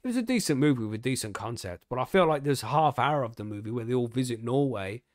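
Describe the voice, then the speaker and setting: A man's voice: medium pitch, lively intonation, fast talker, no echo, clean studio sound. A man hosting a podcast, chatting casually with loose, swearing banter and plenty of fillers. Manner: swearing, laid-back banter with frequent fillers. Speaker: podcast host. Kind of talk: casual chat.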